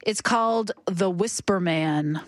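A woman co-hosting a radio show, chatting casually in a lively, opinionated, quick way, often laughing. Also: on the low side, noisy background. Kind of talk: casual chat on air. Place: radio studio. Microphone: studio microphone.

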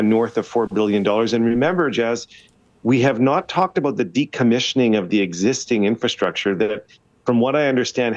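A man's voice: mid-range voice, no echo, highs cut off. A man, a city councillor as a radio guest, arguing his points with emphasis and repetition. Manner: emphatic, argumentative, repeats for stress. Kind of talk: radio interview by phone.

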